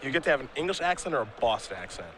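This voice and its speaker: A man calls a card game tournament live, describing each play as it happens. His voice is bright and forward, sitting at an ordinary male pitch. Between plays he slips into playful, teasing banter with his co-commentator. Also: big pitch swings, very fast, a little hiss or hum.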